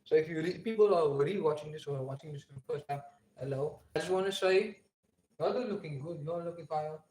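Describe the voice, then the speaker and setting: A man's voice: on the high side, brisk, a little mellow, roomy sound. Young man rambling on a livestream. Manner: loose, rambling slang talk with many fillers. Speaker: livestream host. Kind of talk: casual livestream chat. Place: home, alone. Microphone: phone.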